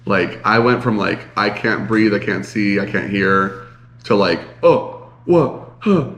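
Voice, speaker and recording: Man, stuffy nasal voice, low pitch, casual rambling, roomy echo. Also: steady tone, measured pace, a bit bright, a little hiss or hum. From Chicago area. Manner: rambling, many fillers. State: congested, nasal. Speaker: podcast co-host. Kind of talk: casual chat.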